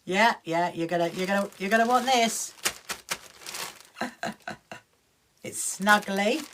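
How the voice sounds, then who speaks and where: A cheerful woman hosts a live sewing stream from a home sewing room, talking to viewers while she works at the machine. Her chat is upbeat and full of quick greetings and laughs. Her pitch sits in the middle range, with a faint hiss in the background. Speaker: livestream host.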